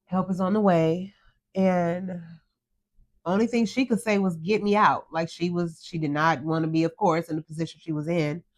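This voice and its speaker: A middle-aged woman, co-hosting a podcast, recounts a crash in an emotional story, earnest and near tears. Her fairly low voice holds a steady tone at normal speed, and she quotes her own words as she retells it.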